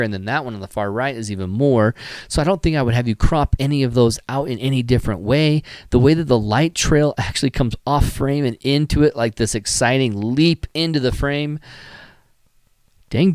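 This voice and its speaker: Smooth-voiced tired man on a live stream. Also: medium pitch, no room sound. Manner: enthusiastic, rambling, with many fillers and sighs. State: tired, yawning. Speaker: photography live stream host. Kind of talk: casual live stream critique.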